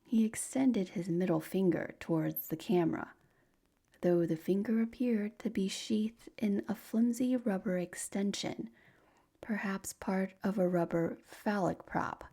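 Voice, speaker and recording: Slow breathy whispering woman narrator. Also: mid-range voice. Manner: slow soft whispered storytelling. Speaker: sleep story narrator. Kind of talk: whispered role-play.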